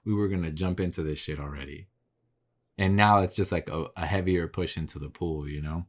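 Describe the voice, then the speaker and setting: A man's voice: sits low, steady tone, normal speed. A man hosting his own podcast, talking casually and candidly about his work, swearing freely as he reflects on himself. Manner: candid, profane, self-reflective. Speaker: podcast host. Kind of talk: casual solo podcast monologue. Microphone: podcast mic facing camera.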